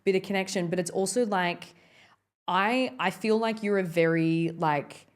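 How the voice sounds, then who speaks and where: This is a young woman, chatting as a podcast host. Her voice sits a little on the low side. She talks in a sincere, wandering way, with plenty of fillers. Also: moderate pace. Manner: earnest, rambling, heartfelt. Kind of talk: casual podcast chat.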